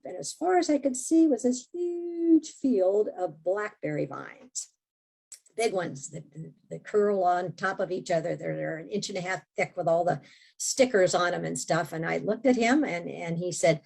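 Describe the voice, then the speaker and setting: A woman's voice: lowish voice, animated, moderate pace, creaky, darkish tone, breathy edge. A woman guest on a podcast, telling a personal story in a casual, vivid way and quoting her own thoughts. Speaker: podcast guest, memoir author.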